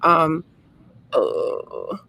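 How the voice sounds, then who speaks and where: A woman's voice: sits low, wildly swooping pitch, extremely slow, creaky, sharp tone. A woman from the Washington DC area calling in to a live stream, blunt, profane and scolding. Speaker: caller. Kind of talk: casual call-in chat.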